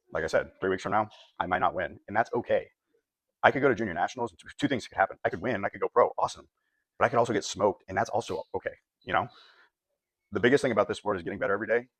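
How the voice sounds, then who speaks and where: A man's voice: lowish voice, fairly bright tone, no room sound. A young man, a competitive bodybuilder, talking earnestly to camera in a reflective vlog and often correcting himself mid-sentence.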